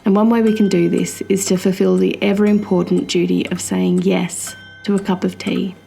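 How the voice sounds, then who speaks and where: Brief: woman host, student midwife, scripted reflective narration, low voice with vocal fry, music behind her. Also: flat delivery, normal speed, mellow.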